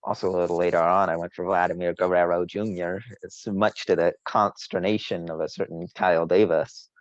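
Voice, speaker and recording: A man's voice: deep voice, little pitch movement, a little fast, no room sound, muffled recording. A man co-hosting a casual sports podcast, boastful and teasing, rambling with frequent restarts. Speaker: podcast co-host.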